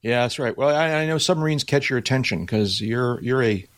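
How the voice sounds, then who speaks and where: A man's voice: medium pitch, brisk. A man hosting a podcast in casual chat, teasing his co-hosts and full of fillers. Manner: teasing, chatty, many fillers. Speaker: podcast host.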